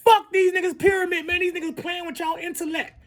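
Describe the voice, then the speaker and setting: A video creator on an angry, profane spoken rant to viewers, who swings between shouting and muttering, breaks off to apologize, and keeps asking "you heard me" and "you feel me". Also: extremely high pitch, level tone, fast talker. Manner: apologetic asides between outbursts.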